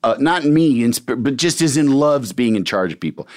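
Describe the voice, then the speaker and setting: A man's voice: mid-range voice, animated, normal speed. A man hosting a casual chat, talking bluntly and swearing freely.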